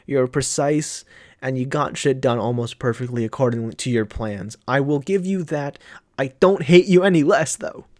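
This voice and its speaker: A man reacting to manga chapters, emotional and profane, laughing through his frustration. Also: mid-range voice. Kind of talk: casual reaction commentary.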